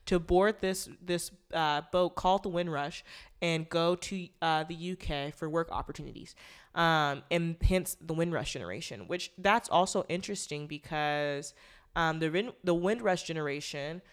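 A woman's voice: deep voice, moderate pace, clear, resonant tone. A young woman hosting a podcast, talking in a casual, rambling way, often correcting herself and speaking bluntly and irreverently. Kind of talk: casual commentary monologue.

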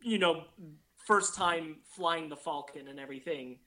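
A man's voice: fairly high pitch, measured pace, sharp tone. A man in a casual film podcast discussion, laying out his opinions at length with frequent restarts. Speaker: podcast co-host.

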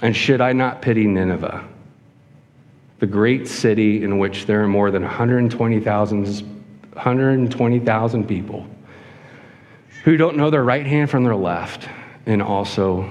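A man preaching a sermon to a congregation, acting out whiny voices with a raised pitch. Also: unhurried, long pauses, darkish tone. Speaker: pastor. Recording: long hall reverb.

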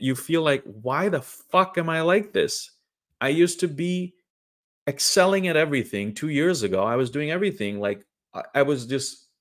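Brief: young adult man, raw earnest monologue, halting delivery, mid-range pitch. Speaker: online creator sharing personal story. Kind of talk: candid personal monologue.

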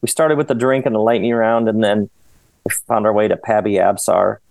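A man talking as a podcast guest, rambling and animated, often laughing as he goes. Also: lowish voice, fairly quick, gravelly, no room sound. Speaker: author and guest. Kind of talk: casual podcast conversation.

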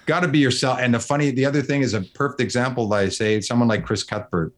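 A man's voice: medium pitch, quick pace. A middle-aged man, a sportscaster guest, talking earnestly and at length in a casual conversation, often restarting his phrases.

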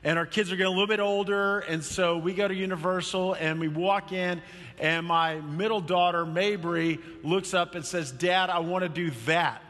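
A male pastor preaching a sermon in church, telling a story with lively energy and acting out quoted voices. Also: sits high, normal speed, long reverb tail.

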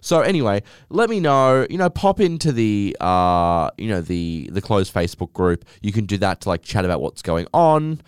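A man's voice: on the low side, big pitch swings, moderate pace, hardly any pauses, clean tone, no echo, clean studio sound. A man hosting a casual solo podcast, telling rambling stories in a sassy, swearing way. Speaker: podcast host.

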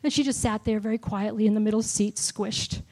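A middle-aged woman giving a personal testimony sermon, telling a story with lively shifts and dropping to a whisper for quoted lines. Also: medium pitch, a little fast. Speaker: speaker at a church gathering.

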